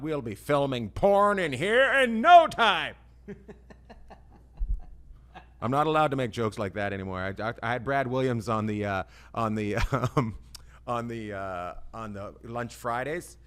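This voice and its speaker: A man's voice: on the low side, fairly bright tone, clear, resonant tone. A man in his fifties hosting a podcast from a small studio, rambling and self-deprecating. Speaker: podcast host. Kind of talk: podcast intro.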